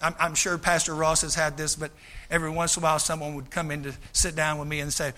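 A male pastor, preaching a folksy, animated sermon, often acting out quoted voices and repeating his starts. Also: fairly high pitch, fast talker, a little hiss or hum.

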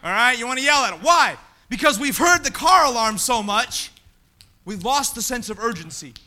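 A man preaching a sermon in a church, swinging between shouted appeals and quiet asides. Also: very high voice, big pitch swings, moderate pace. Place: church sanctuary.

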